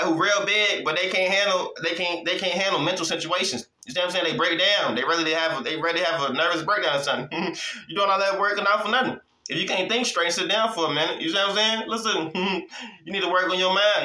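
Bright-voiced casual male preacher. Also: on the high side, roomy sound, poor audio. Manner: street-casual, repeats lines and checks in with "hmm?"; laughs often between points. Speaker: Bible teacher. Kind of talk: informal preaching.

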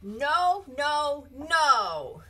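A woman's voice: sits high, big pitch swings, slow pace, fairly bright tone, pitched above the performer's own voice, exaggerated voice. A woman doing a stubborn little child's voice. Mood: protesting.

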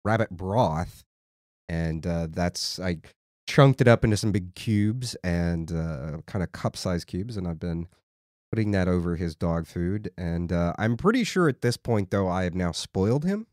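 A man hosting a podcast, chatting in a relaxed, rambling, joking way. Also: sits low, unhurried, no room sound, clean studio sound. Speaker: podcast host. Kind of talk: casual chat.

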